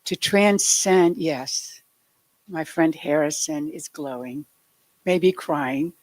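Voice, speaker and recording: A woman speaker giving a meditative sermon, soft and reflective, with light joking asides. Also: low-pitched, takes it slowly, no echo. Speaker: spiritual speaker.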